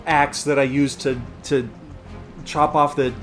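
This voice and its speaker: A man's voice: fairly high pitch, little pitch movement, measured pace, a bit bright, soft background music. A man playing in a comedic tabletop game on a podcast, talking in a rambling, hesitant way with many fillers. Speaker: player. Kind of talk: casual podcast chat and role-play.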